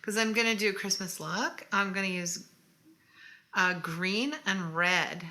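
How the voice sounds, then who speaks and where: Woman, bright voice, casual makeup tutorial, chatty step-by-step talk. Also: medium pitch, fairly even intonation, measured pace. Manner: chatty, talks through each step as she works. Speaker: co-host of a makeup channel.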